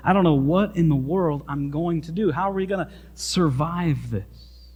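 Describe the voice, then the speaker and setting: A man's voice: on the high side, normal speed, a little mellow, slightly rough, big-room sound. A man voicing a worried young male businessman in a sermon story, speaking in an anxious, pleading way.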